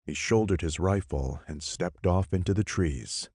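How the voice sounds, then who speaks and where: A man reading a horror audiobook as narrator, measured and expressive. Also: low-pitched, slightly rough, dry recording, clean studio sound. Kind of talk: scripted narration.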